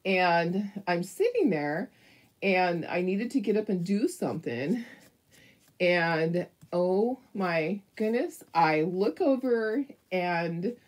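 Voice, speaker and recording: An older woman telling a rambling story in a chatty, animated way while she paints a craft, laughing often. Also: lowish voice, takes it slowly. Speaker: craft vlogger.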